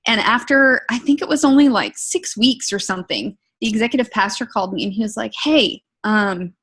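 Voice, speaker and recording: A woman giving an emotional, earnest personal testimony, talking in a lively storytelling way. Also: fairly high pitch, fairly quick, breathy edge. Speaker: product testimonial speaker.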